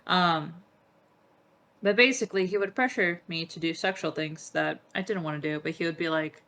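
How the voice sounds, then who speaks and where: A woman's voice: on the low side, normal speed, sharp tone. A young woman, not a native English speaker, speaking as an interview guest, emotional and profane, with many fillers. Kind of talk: candid interview conversation.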